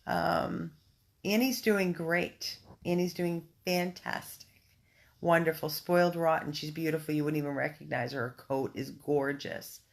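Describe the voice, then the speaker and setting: A woman with a low, gravelly voice talks slowly on a phone livestream from home. She reads out viewer comments and chats in an effusive way, often starting over and filling pauses with ums. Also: little pitch movement. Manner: chatty and effusive, many ums and restarts. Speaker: dog rescue volunteer hosting a livestream. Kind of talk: casual livestream chat, reading viewer comments.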